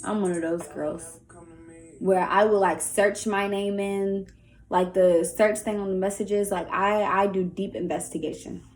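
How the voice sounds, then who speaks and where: A woman's voice: mid-range voice, fairly even intonation, a little slow, a little mellow. Chatty young woman, casual vlog. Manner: chatty and candid, lots of "like". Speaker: vlogger. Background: faint music early on.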